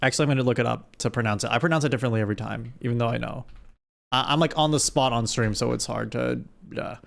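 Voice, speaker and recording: A young man streaming live, chatting casually with his viewers while gaming, animated and rambling with restarts. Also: medium pitch, quick pace, vocal fry. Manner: animated, talks straight to chat, rambling with restarts.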